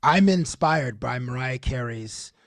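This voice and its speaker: A man's voice: medium pitch, expressive, takes it slowly, gravelly, no room sound, clean studio sound. A man co-hosting a sports podcast, joking and mocking himself in casual chat. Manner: self-mocking, jokey. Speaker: podcast co-host.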